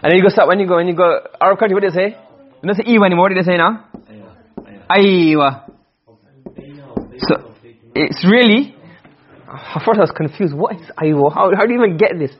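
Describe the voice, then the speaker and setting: A man's voice: high-pitched, fast, husky, lo-fi sound. A man teaching an Arabic grammar class, asking questions and answering them himself, often repeating and restarting phrases. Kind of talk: classroom lecture.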